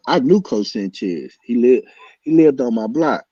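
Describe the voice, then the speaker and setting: A man telling a story loudly and excitably, acting out voices and punches with sound effects. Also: mid-range voice, normal speed, slightly rough, no echo. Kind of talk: animated storytelling. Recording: dull lo-fi sound.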